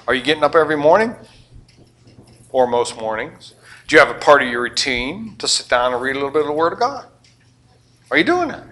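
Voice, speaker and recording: Older guy preaching, bright forceful voice, fires questions at the crowd, loud then hushed. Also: medium pitch, fast talker. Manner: animated, questioning the congregation, swings from loud to quiet. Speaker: pastor. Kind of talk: sermon.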